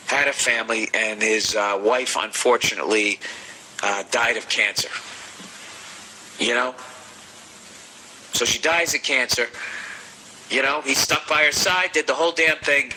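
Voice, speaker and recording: A man with a Boston accent hosting a podcast, giving comedic advice in a profane, animated rant. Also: medium pitch, a little hiss or hum, poor audio. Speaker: podcast host.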